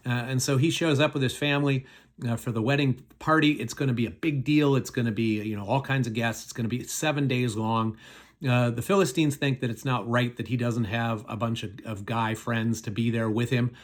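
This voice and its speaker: A man's voice: mid-range voice, fairly even intonation, a little fast. A middle-aged man, a pastor, casually retelling a Bible story in a chatty, folksy way with many fillers.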